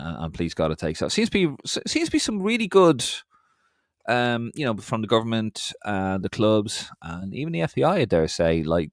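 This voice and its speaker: An Irish man with a low voice that leaps up and down in pitch as he chats, picking up listener comments one after another. His delivery is bouncy and excitable, recorded dry and close, with no room sound. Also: no room sound. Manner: animated, jumps in pitch, reads out listener comments. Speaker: podcast co-host. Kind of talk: casual football podcast chat.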